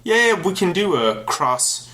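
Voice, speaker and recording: A man's voice: a little slow, slight background noise. A man co-hosting a podcast in casual chat, talking in a chatty, self-deprecating way. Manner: chatty, self-deprecating, animated pitch jumps. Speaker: podcast co-host.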